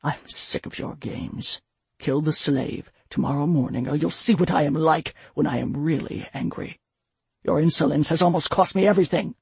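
A man reading an audiobook, voicing a furious, domineering elf chieftain who growls and shouts threats at his daughter. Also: on the high side, normal speed, vocal fry, husky, dry recording, full character voice. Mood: menacing.

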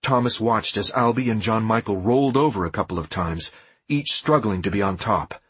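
A man reading an audiobook in a dramatic, expressive scripted narration. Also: fairly low pitch, moderate pace, slightly rough, no room sound.

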